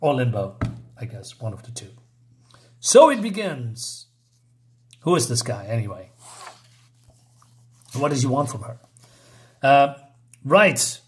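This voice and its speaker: A man's voice: medium pitch, sing-song, slow, long pauses. A man hosting a channel, reading a comic aloud and reacting in a hesitant, filler-heavy, incredulous way. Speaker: channel host. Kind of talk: casual reading and reaction commentary.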